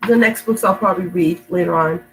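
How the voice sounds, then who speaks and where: A woman's voice: on the low side, a little fast, soft background music, poor audio. Sick-sounding woman reading stories to kids. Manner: rambling, affectionate, laughs often. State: sick, stuffy voice. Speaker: storytime reader. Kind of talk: reading aloud to kids, then casual chat. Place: home indoors.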